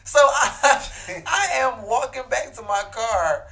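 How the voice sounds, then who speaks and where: A young man in his twenties, a podcast co-host, telling an animated comedic story and acting out the dialogue. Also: very high voice, slow. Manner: animated, laughing, acts out dialogue.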